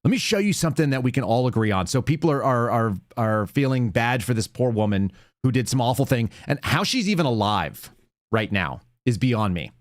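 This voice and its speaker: A man hosting a live commentary show, blunt and openly indignant as he rambles through his points. His voice sits at an ordinary middle pitch and sounds dry and close, with no room echo. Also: sing-song, brisk. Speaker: show host.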